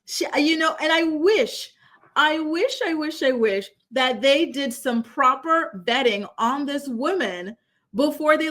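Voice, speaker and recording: Chatty woman, rhetorical, higher voice. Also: fairly bright tone. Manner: chatty, emphatic, rhetorical questions. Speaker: commentary channel host. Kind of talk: casual commentary to camera.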